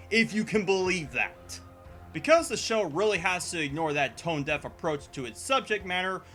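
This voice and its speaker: A man delivering scripted commentary as a video essayist, sarcastic and profane, with sudden exasperated jumps in pitch. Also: a bit bright. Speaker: video essayist reviewing a show.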